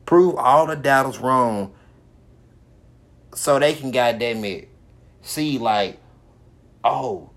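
A man's voice: medium pitch, takes it slowly, pauses often, fairly bright tone. A man hosting his own podcast, giving a profane, repetitive motivational monologue with heavy swearing. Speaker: podcast host.

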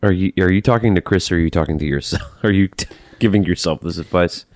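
A man's voice: low voice, quick pace, a little mellow, dry recording, studio quality. A man co-hosting a podcast, teasing his partner playfully, swearing and joking around. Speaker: podcast co-host. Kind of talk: casual podcast banter.

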